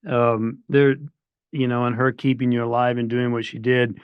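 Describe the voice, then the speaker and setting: A man's voice: mid-range voice, little pitch movement, moderate pace, clear, resonant tone, dry recording. A man hosting a podcast interview, reacting with short affirmations and then giving his view. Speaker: podcast host. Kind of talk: casual interview chat. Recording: dry, slightly dull podcast mic.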